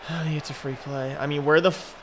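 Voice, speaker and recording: A young man commenting on his own video game, frustrated and swearing, muttering low then suddenly yelling. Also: fairly even intonation, fairly quick, noisy background. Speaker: gaming streamer.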